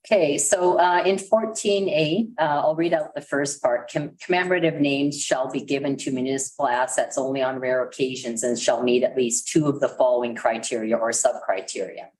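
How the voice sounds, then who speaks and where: A woman's voice: rumbling low, moderate pace, few pauses, a little mellow, poor audio. A woman councillor in a council chamber, methodically going through a policy clause by clause while losing her voice. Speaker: city councillor. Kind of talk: council debate, reading out policy.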